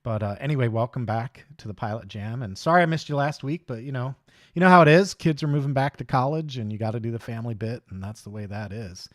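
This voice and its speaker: On a live hobby stream, a middle-aged man chats casually in a rambling, easygoing way, greeting viewers by name. His voice is mid-range and quick, recorded at studio quality with no room sound.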